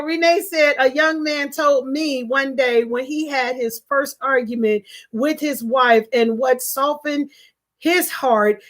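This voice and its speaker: A woman pastor chatting casually on a livestream, reading viewer comments aloud and laughing often in slangy everyday speech. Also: sits high.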